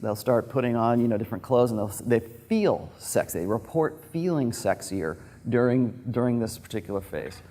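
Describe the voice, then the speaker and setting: A man's voice: mid-range voice, animated, moderate pace, dark tone, a little hiss or hum. A man giving an informal, frank lecture to a group in a loose, digressive way. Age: adult with a daughter.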